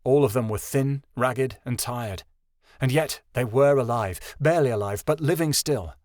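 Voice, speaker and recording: A man reading a fantasy audiobook in steady, measured narration. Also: medium pitch, dry recording, clean studio sound. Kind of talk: scripted narration.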